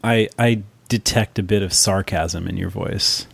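A man's voice: low voice, measured pace, gravelly, slightly rough, no echo. A man hosting a casual tech chat, rambling and correcting himself as he goes, laughing easily.

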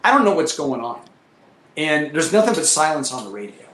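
A man telling profane, animated war stories as a former military pilot, acting out what people said. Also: a little high, a little fast. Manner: profane, animated, acts out quotes. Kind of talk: casual storytelling chat. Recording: echoey room with faint noise.

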